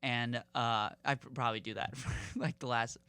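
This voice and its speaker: A man's voice: medium pitch, steady tone, normal speed, sharp tone, clear, resonant tone, dry recording. A young man co-hosting a comedy podcast, telling stories in a rambling, hesitant way. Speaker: podcast co-host. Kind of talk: casual comedy chat.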